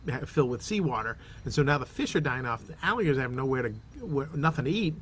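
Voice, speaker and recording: A man with a Boston accent co-hosting a podcast, chatting in a relaxed, rambling way with lots of fillers. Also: medium pitch, fast talker, slight background noise. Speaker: podcast co-host. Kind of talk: casual chat.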